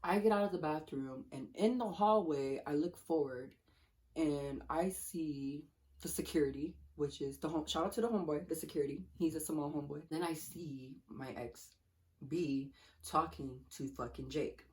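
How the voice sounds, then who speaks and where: A woman's voice: low-pitched, normal speed. A young woman vlogger telling a story casually while eating, swearing a lot and acting out what people said. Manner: profane, animated, acts out quotes.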